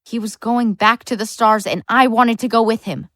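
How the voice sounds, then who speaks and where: A woman's voice: on the high side, moderate pace, a bit bright, no room sound, clean studio sound. A woman narrating a full-cast audiobook as a lonely, bookish boy, earnest with wry asides. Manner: earnest first-person storytelling, wry asides.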